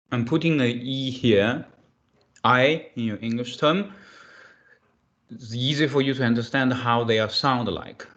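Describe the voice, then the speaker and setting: Slow, deliberate male language teacher. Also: muffled recording. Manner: slow and deliberate, repeating syllables with pitched emphasis. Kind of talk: online pronunciation lesson.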